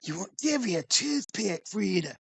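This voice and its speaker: A host putting on a slow, creepy male trucker. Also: mid-range voice, very animated, vocal fry, fairly bright tone, slightly rough, no echo, exaggerated voice. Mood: insistent. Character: creepy lean male trucker in his thirties.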